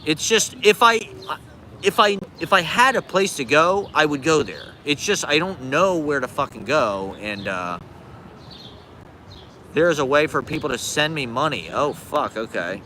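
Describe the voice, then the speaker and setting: A man's voice: on the high side, lively intonation, unhurried, pushed and bright, slight background noise. A man in his forties live streaming outdoors on a city street from a handheld phone, ranting in a rambling, profane, sarcastic and self-deprecating way. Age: 40s. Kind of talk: casual live stream rant.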